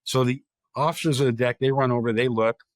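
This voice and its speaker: A man's voice: mid-range voice, steady tone, brisk, no echo. A man speaking as a guest and telling a vivid, dramatic story, quoting people directly as he goes. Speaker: guest, historic park chief of staff.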